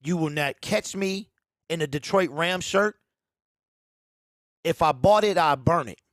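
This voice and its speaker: A man's voice: on the high side, a little slow, fairly bright tone, no room sound, clean studio sound. A man hosting a fan sports talk show, ranting emphatically, repeating his points and addressing listeners directly.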